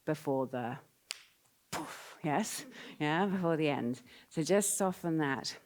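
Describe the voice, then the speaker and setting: Low-voiced woman coaching ballet. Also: expressive, slow, darkish tone. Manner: sings the counts, coaxing and encouraging. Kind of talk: live rehearsal coaching. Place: ballet rehearsal studio. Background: faint piano.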